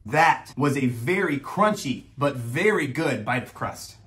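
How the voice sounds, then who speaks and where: A man's voice: mid-range voice, lively intonation, unhurried, fairly bright tone. A young man hosting a food review vlog, joking and making theatrical announcements between bites. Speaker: food vlogger. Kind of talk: upbeat pizza review vlog.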